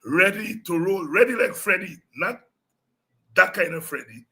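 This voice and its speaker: Gravelly animated man hosting. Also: high-pitched, normal speed. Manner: animated storytelling, breaks into singing and shouting. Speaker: show host. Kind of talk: lively political talk show monologue.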